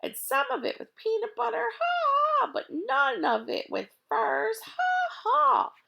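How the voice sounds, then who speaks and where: A woman reading aloud and voicing a jolly male truck driver who bursts into high laughter. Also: very animated, brisk, creaky. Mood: laughing.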